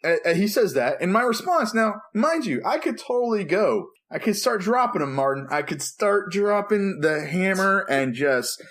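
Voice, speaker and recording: A man co-hosting a podcast, telling a story in a playful, animated way and acting out the dialogue. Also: high-pitched, moderate pace, hardly any pauses. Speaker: podcast co-host, preacher. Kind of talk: casual storytelling chat.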